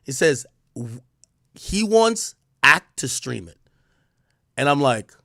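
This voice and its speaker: Streamer, male, gravelly mid-pitched voice, dry close sound, animated storyteller. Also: takes it slowly, no room sound. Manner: animated storytelling, swears and laughs often. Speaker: livestreamer. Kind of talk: casual chat to stream viewers.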